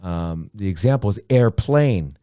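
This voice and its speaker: A man teaching a beginner English lesson, speaking slowly and deliberately, repeating words and often saying "okay". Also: on the low side, animated, warm tone, no room sound, studio quality. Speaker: ESL teacher.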